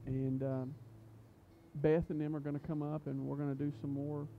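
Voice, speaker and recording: A fairly high-voiced man leads a youth service in church, preaching loosely and cracking jokes. He stumbles through fillers and restarts. The recording sounds dull and lo-fi. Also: flat delivery, moderate pace, gravelly, slight background noise. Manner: chatty, joking, full of fillers and restarts. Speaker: youth pastor. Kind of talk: casual youth sermon. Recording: muffled lo-fi recording.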